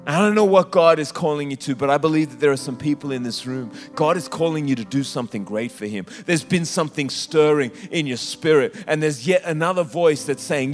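A man preaching a sermon in a church, with impassioned, sometimes sung, drawn-out phrases. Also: high voice. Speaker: pastor. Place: church hall. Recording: live church hall with reverb and soft instrumental music. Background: soft instrumental music.

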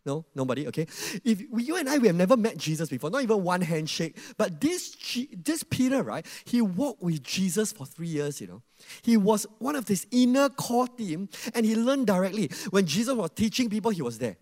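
A man delivers a sermon in a high, lively voice that swoops up and down. He asks the audience questions and acts out quotes. Long reverb from a large hall trails his words. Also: a little fast, few pauses. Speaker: preacher.

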